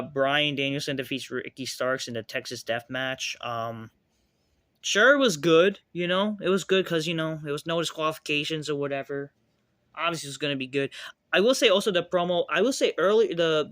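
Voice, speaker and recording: A man's voice: fairly high pitch, fairly quick, fairly bright tone, no echo. A man reviewing a wrestling show in a casual, profane rant, sarcastic and dismissive, rambling with lots of fillers. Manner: loose and rambling, with many fillers like "like".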